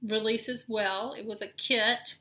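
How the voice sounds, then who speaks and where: Middle-aged woman, Southern accent, bright tone, rambling casual show-and-tell. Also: on the high side, steady tone, a little slow. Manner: chatty, rambling, with many ums and restarts. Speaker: cross-stitch vlogger.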